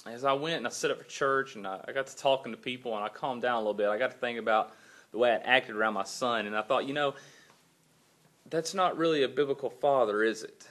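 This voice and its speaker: Speaking at a quick pace with a fairly bright, mid-range voice, a father recounts his sleepless night for his video blog. He's also a church volunteer, and he replays his own quoted words with real animation in a casual storytelling style.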